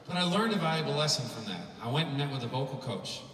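A man from Canada who is probably in his thirties gives a joking, animated talk to a live youth conference audience as a Christian musician. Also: fairly high pitch, fast talker, far from the mic, background noise. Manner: animated storytelling, jokey asides, mimics voices. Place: large hall. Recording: echoey hall, mic heard from afar.

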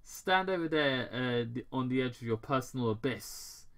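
A man's voice: mid-range voice, lively intonation, moderate pace, fairly bright tone. A man voicing an arrogant male mad scientist villain, smug and commanding, with a raised, theatrical voice, reading him aloud from a fan story.

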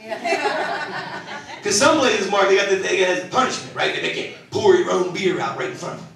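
Middle-aged man, stand-up comedian, high voice, loud punchy crowd work, distant mic, roaring audience. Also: sing-song, normal speed, vocal fry. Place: large theater stage. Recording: echoey theater from far off, loud audience.

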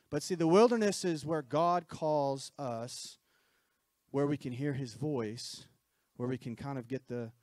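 A man's voice: mid-range voice, a little mellow, no echo. Guy giving a sermon, dry close sound, chatty, keeps saying right?, restarts a lot. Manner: conversational preaching with frequent "right?" asides and repetitions. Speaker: preacher.

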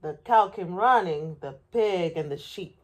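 A woman teacher at home reading a children's picture book aloud, expressive and playful, making animal and truck sounds. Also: fairly low pitch, a little slow. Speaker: preschool teacher.

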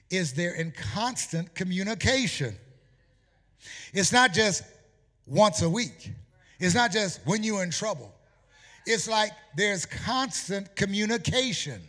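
A male pastor preaching a sermon in a church, emphatic and animated, sometimes half-singing his phrases. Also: high-pitched, in a large hall. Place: church sanctuary.

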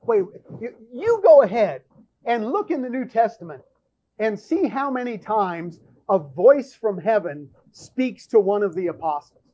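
Slow, emphatic man teaching scripture. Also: high voice, sing-song, warm tone, muffled recording. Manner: emphatic, repeats words while thinking aloud. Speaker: church show host. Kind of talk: Bible teaching.

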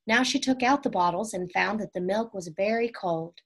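A woman reading a children's chapter book aloud in a calm, clear and measured way. Her voice sits at an ordinary middle pitch for a woman. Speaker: reader. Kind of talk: storybook read-aloud narration.

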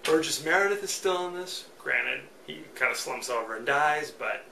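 Chatty man with a gravelly voice. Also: a little high, expressive, moderate pace, few pauses, pushed and bright. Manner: chatty, joking, opinionated. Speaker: podcast host. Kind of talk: solo movie commentary. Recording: roomy, distant mic, faint noise.

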